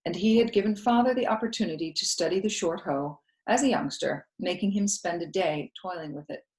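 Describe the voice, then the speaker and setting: A woman, a school co-founder, reading a novel aloud in steady storytelling narration. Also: lowish voice, a little fast. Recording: roomy echo.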